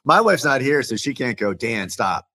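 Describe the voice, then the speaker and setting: Male co-host, faith podcast, husky voice, very lively pitch, teasing banter. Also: normal speed. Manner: playful, teasing, laughs a lot. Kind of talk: casual faith podcast chat.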